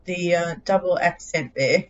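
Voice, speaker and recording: Aussie lady streaming a game, lowish voice, rambly and giggly, laughs at herself. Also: measured pace, highs cut off. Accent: Australian. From Australia. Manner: chatty, scattered, giggly, self-mocking. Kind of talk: casual live game-stream chat.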